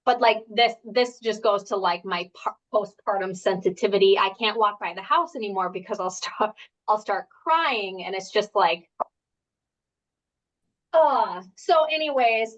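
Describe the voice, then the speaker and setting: A woman's voice: medium pitch, measured pace, rough recording. A woman health coach leading a live group workshop from home, talking in a chatty, rambling way full of fillers and asides. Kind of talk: casual live workshop talk. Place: at home, indoors.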